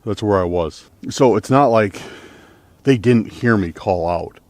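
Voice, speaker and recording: Lowish-voiced rambling man vlogging outdoors. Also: unhurried, darkish tone, dry recording. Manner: rambling, filler-heavy, uneasy. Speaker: outdoor vlogger exploring trails. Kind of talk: casual vlogging to camera. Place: outdoors on a forest trail at night.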